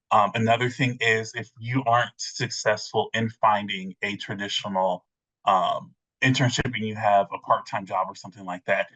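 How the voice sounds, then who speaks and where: A man's voice: lowish voice, a bit bright. A man panelist giving friendly advice over a video call, with frequent ums. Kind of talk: casual panel talk. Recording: dull lo-fi audio.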